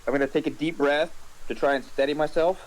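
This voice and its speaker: A man's voice: on the high side, steady tone, fast talker, slight background noise, rough recording. A man playing a tabletop role-playing game, describing his character's actions with hesitant phrasing full of "like" and "kinda.". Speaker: player.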